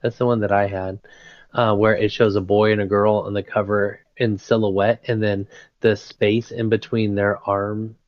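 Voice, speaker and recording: A man's voice: on the low side, little pitch movement, normal speed, dry recording. A man hosting a casual chat, retelling a story in a rambling, slangy way full of fillers and laughs. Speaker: podcast host. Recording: dull lo-fi recording.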